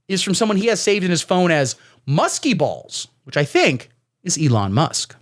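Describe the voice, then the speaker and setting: A man's voice: fairly high pitch, wildly swooping pitch, moderate pace. A man giving sarcastic, rambling comedy commentary as he reads out texts, slipping into silly voices for the quotes. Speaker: comedy streamer. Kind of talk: satirical commentary reading texts.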